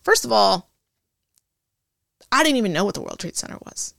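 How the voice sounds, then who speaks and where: Gravelly woman telling a story. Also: mid-range voice, moderate pace, dry recording, clean studio sound. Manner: animated storyteller who acts out remembered dialogue. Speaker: interview guest, Air Force veteran. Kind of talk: casual storytelling interview.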